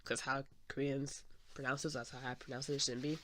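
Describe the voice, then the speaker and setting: A woman's voice: very deep voice, level tone, fairly quick, heavy background noise. A woman hosting a podcast in a casual, meandering chat while she draws, with lots of "um" and "like". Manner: chatty, meandering, full of "um" and "like". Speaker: podcast host.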